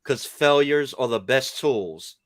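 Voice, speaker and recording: A man's voice: medium pitch, lively intonation, takes it slowly, dry recording, studio quality. A man on a podcast giving blunt, preachy advice with casual swearing. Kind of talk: blunt opinion talk.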